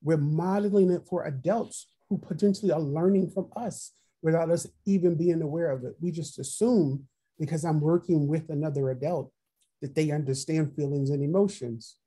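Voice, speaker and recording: A workshop trainer's medium-pitched voice is warm and husky, at a normal speed, while leading an online training webinar on a video call. The trainer poses reflective questions, repeats them, and reads out replies from the participants' chat.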